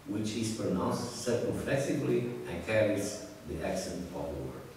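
A man giving an academic lecture, speaking haltingly with many fillers and restarts. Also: deep voice. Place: lecture room. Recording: distant echoey hall recording with hiss.

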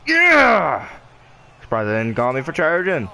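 A young man commentating his own gameplay live, profane and excitable, yelling at the game. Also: fairly high pitch, a little slow, creaky, slight background noise.

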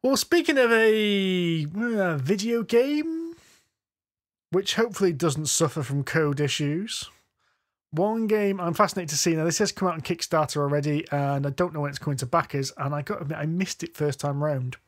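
A man's voice: on the high side, fairly quick. A man, co-host of a tabletop gaming podcast, chatting casually and often correcting himself mid-sentence. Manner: rambling, self-correcting, goes off on tangents. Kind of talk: casual chat about tabletop games. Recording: podcast audio.

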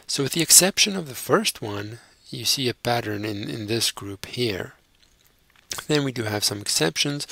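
A man teaching a recorded language lesson, speaking slowly and deliberately and repeating each word. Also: lowish voice, gravelly, fairly bright tone, husky, no echo.

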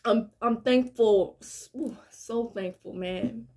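Slow, earnest woman preaching to viewers. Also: a little high, dark tone. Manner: earnest, repetitive, heartfelt preaching. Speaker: spiritual vlogger. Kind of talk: casual spiritual monologue to viewers.

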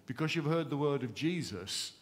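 A man preaching a sermon at a church service, impassioned and emphatic, swinging between raised fervent lines and hushed ones. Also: a little high, lively intonation, normal speed. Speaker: pastor.

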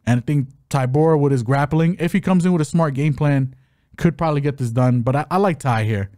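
A man on the high side, talking a little fast, breaks down fights on a betting podcast he co-hosts. The sound is clean studio audio without room noise, and he stays animated, joking, and prone to announcer-style hype.

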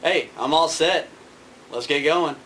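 A hot-tempered man among his friends, speaking up high and loud, as a storyteller puts him on. The voice is raised and indignant, pushed above the teller's own register. Faint noise sits behind it. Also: unhurried. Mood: pleased.

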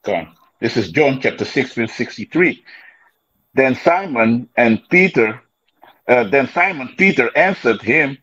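Husky man preaching over dull audio. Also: mid-range voice, animated, measured pace, a bit bright, no echo. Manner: preachy, peppered with "man" and "you know". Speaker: participant in a scripture study session. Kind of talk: casual religious discussion.

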